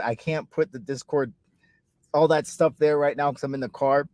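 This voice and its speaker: A man's voice: fairly high pitch, moderate pace, darkish tone, no room sound. A man hosting a cricket channel, chatting casually and jokily from inside his car, rambling and poking fun at himself. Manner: rambling, jokey, self-mocking. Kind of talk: casual vlog chat.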